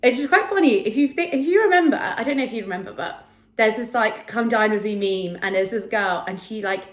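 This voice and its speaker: A young food vlogger in her twenties chats casually to camera with a fairly high, animated voice and a brisk pace. She's self-deprecating and full of fillers, recorded in an echoey room at home.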